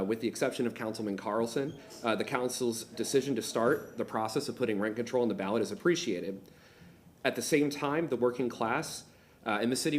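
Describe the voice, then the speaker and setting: A man giving an impassioned, militant public comment speech into a podium microphone in a city council chamber. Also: mid-range voice.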